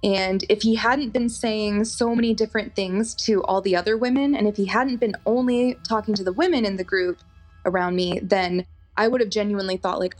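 A woman's voice: mid-range voice, a little fast. A young woman telling a personal story in a casual, chatty way, full of fillers. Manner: animated, chatty, lots of fillers.

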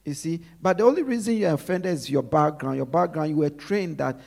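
A man's voice: on the high side, animated, brisk, creaky, darkish tone. A male preacher giving a sermon, repeating his points with emphasis and asking the congregation to finish his sentences.

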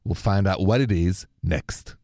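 A man's voice: sits low, a little slow, dark tone, no echo, studio quality. A man hosting a late-night radio advice show, earnest and caring, slipping words into his talk. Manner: earnest, sprinkles French words.

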